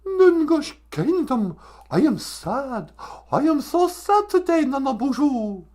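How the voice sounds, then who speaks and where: A man's voice: big pitch swings, slow pace, darkish tone, exaggerated voice. A man doing a mocking impression of a whiny, tearful young female climate activist. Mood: wailing. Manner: shrill, wailing, mocking.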